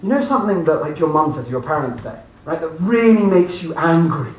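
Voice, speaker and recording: A man giving a lively motivational seminar talk to a live audience, often laughing and asking the room questions. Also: on the high side, fairly quick. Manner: animated, laughing, addresses audience directly. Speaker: motivational speaker. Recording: echoey room from far off, faint noise.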